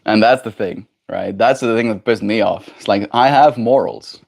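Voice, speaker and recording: A man's voice: lowish voice, moderate pace, vocal fry, a little mellow. A man streaming live, talking in a heated, blunt and profane way, often asking "right?" as he chats with viewers. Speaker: livestreamer. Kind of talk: casual livestream chat, reading viewer messages.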